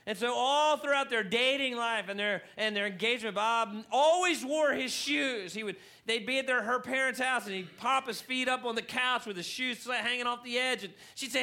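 High, bright-voiced male pastor. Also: normal speed, hardly any pauses. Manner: animated storyteller, rising in volume for emphasis. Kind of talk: sermon with a humorous story. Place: church hall.

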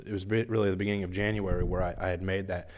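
A young man giving an earnest, emotional testimony at church, halting and restarting as he speaks. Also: low-pitched, level tone.

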